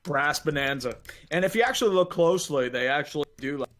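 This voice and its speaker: A man co-hosting a casual show, chiming in with quick jokes. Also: fairly high pitch, animated, fairly bright tone. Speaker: co-host. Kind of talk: casual chat.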